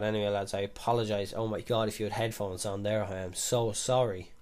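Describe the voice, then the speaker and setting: A young man giving casual live commentary over a football video game, chatty and swearing constantly, with sudden loud excited shouts. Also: lowish voice, brisk, few pauses. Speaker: gaming YouTuber.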